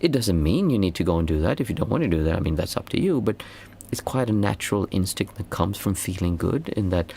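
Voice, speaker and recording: Male meditation teacher with a gravelly low voice, casual and earnest, often restarts his sentences and his pitch swings widely. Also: lively intonation, fast, mellow. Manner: earnest and rambling, with frequent restarts; voice jumps high when stressing a point. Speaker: meditation teacher answering questions. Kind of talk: casual spoken Q&A talk.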